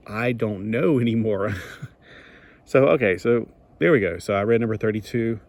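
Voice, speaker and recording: A man's voice: on the low side, moderate pace. A man giving a casual comic book review in a rambling way, full of restarts, asides and exasperated griping.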